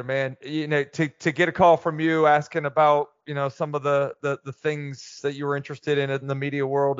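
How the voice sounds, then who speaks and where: A middle-aged man, a former football player, talking candidly and telling animated stories as a podcast guest. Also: mid-range voice, smooth, no echo. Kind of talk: casual interview chat. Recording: dull, dry lo-fi sound.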